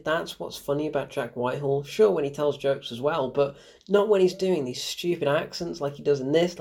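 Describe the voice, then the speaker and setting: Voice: mid-range voice, a little mellow. A young adult film reviewer talking through a movie in a casual, rambling way, with sarcastic asides and plenty of fillers.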